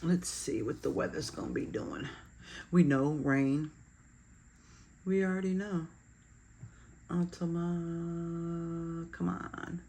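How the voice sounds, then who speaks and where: A woman's voice: deep voice, unhurried, gravelly, pauses often, darkish tone, a little hiss or hum. A woman chatting casually while decorating her planner, laughing at herself with self-deprecating humor. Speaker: planner vlogger.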